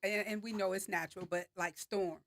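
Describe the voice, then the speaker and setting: A woman hosting a casual group discussion, telling stories in an animated way with fillers and laughter. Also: mid-range voice, a little fast. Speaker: discussion host.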